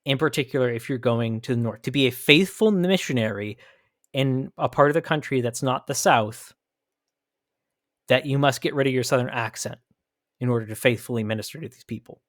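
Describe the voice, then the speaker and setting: A man's voice: mid-range voice, brisk, no room sound, studio quality. An American man hosting a commentary podcast, arguing his points emphatically and thinking aloud with frequent restarts. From United States. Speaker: podcast host.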